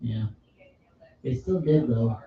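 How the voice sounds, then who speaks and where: A man's voice: medium pitch, takes it slowly, warm tone. Man, podcast host, rambling movie chat, very echoey room, mic far off, dull lo-fi sound. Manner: enthusiastic, rambling, laughs easily. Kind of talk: casual chat about movies. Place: pub.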